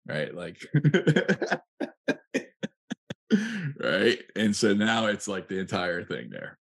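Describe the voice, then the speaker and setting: A man with a fairly low voice hosts a coaching session for real estate agents. He talks in an animated way, acts out the sales pitches he gives as examples and laughs at them. Now and then he jumps up high in pitch to mimic a pushy seller. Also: drawn-out words, long pauses. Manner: laughs at his own examples.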